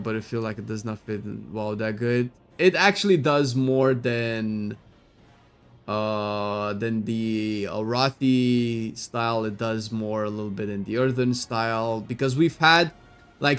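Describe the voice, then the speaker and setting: A gaming streamer chats casually in a medium-pitched voice, rambling and excitable, swearing loosely and suddenly breaking into shouts.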